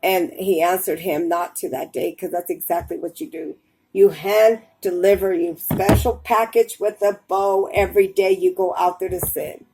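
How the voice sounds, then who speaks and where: A woman's voice: fairly low pitch, steady tone, normal speed, warm tone, a little hiss or hum, rough recording. A woman preaching fervently from a Bible reading, urging her listeners with repeated warnings. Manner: fervent, urgent, repetitive warnings.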